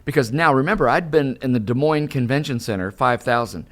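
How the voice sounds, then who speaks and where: A man's voice: mid-range voice, fairly quick. An older man, a guest and professional speaker, telling a story in an interview and acting out the dialogue. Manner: animated storyteller, acts out dialogue.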